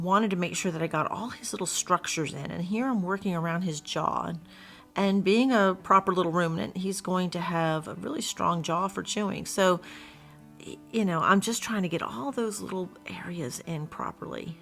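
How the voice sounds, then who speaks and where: A woman's voice: on the low side, moderate pace, vocal fry, fairly bright tone, soft background music. A middle-aged woman, chatting folksily as she teaches painting at home. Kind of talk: casual painting tutorial.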